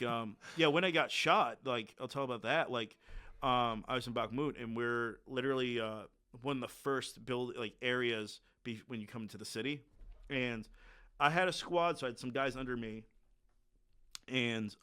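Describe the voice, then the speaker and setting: A man's voice: medium pitch, normal speed, sharp tone, smooth. A man, a military veteran, telling war stories to a podcast host in a blunt, candid way, with lots of filler words. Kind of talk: casual conversational storytelling.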